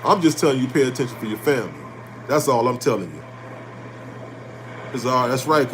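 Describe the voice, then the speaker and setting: A man hosting an animated motivational talk on finance, blunt and preachy, repeating his points and swearing casually. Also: mid-range voice, fairly quick, a little hiss or hum. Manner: preachy and emphatic, repeating lines for effect. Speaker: host.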